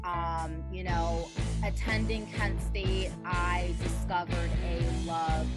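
A young woman from hosting a podcast in a casual, chatty way, her voice raspy from allergies and full of fillers. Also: lowish voice, flat delivery, slow. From Ohio, USA. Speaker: podcast host. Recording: dry with faint background music.

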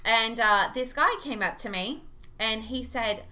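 Bright, lively tipsy woman telling stories. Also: on the high side, moderate pace. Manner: animated, profane storyteller. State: tipsy from drinking. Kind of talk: casual chat.

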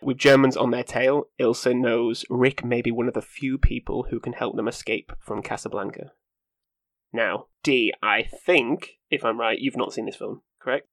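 A man's voice: mid-range voice, steady tone, moderate pace, dry recording. A man hosting a casual film podcast, joking wryly and laughing through his lines. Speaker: podcast host presenting news segment.

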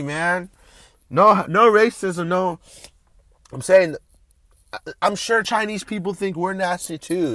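A young man hosting a show, talking in a crude, rambling monologue that swings between loud outbursts and mumbling. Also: high voice, slow, pauses often, no room sound. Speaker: podcast host. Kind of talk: casual profane monologue.

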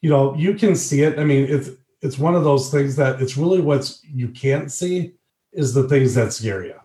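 A man co-hosting a casual podcast chat, answering in a halting, hesitant way. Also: medium pitch, mellow, echoey room. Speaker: podcast co-host.

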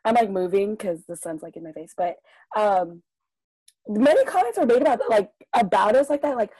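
Young woman, twenties, husky and giggly, casual chat. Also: medium pitch, a little fast, no echo. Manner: giggly, animated storytelling. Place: outdoors in sun.

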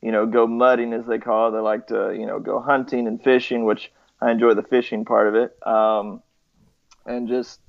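A young male nurse from the southeastern US chats casually in an interview, hesitating a lot, using many fillers and restarts, and chuckling often. His voice is medium-pitched, level, and creaky at a moderate pace, and the lo-fi recording is slightly muffled.

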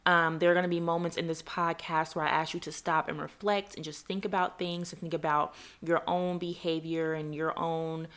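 A woman's voice: sits low, level tone, normal speed, hardly any pauses, a bit bright. A young adult woman from the United States hosting a heartfelt faith podcast, speaking earnestly and close to tears, calling her listeners y'all. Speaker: podcast host.

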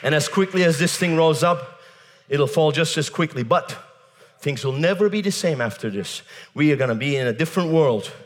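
A man preaching a fiery sermon, shouting, breaking into tongues and mocking laughter. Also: fairly high pitch, animated, moderate pace. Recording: long hall reverb.

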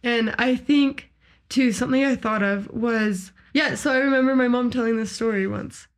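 A young woman co-hosting a podcast talks about her faith in an earnest, heartfelt, casual chat packed with "like" fillers. Her voice is a little high and she speaks at a normal speed.

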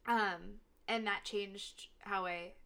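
Young woman co-host, bright voice, animated storyteller. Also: mid-range voice, slow pace, creaky, clear, resonant tone. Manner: animated storyteller acting out family quotes. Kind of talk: casual chat.

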